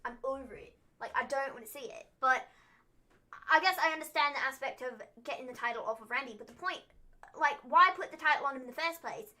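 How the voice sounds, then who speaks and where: A young woman hosting a casual livestream recap, firing off animated questions. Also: sits high. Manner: animated, quick rapid-fire questions. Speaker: wrestling recap host.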